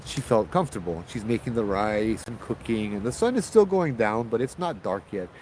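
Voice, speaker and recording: Male ghost-story host, low-ish voice, loose casual telling, faint noise behind. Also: moderate pace, low-quality recording. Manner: loose, animated, with repeated restarts and fillers.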